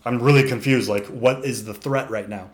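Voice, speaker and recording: A man voicing a spooked, confused male horse, bewildered and loud in a storytold aside. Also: medium pitch, steady tone, moderate pace, close to an everyday voice.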